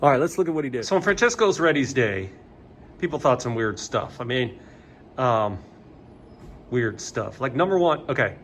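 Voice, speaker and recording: A man's voice: medium pitch, animated, normal speed, long pauses, fairly bright tone, slight background noise. A man teaching a casual video lesson, joking and rambling with many fillers.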